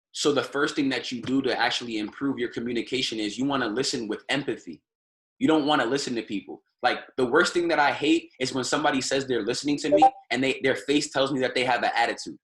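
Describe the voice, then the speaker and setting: A man's voice: mid-range voice, fairly quick, fairly bright tone. A man giving an informal motivational lesson on a group call, repeating phrases and tagging nearly every point with "right?". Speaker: trading community call leader.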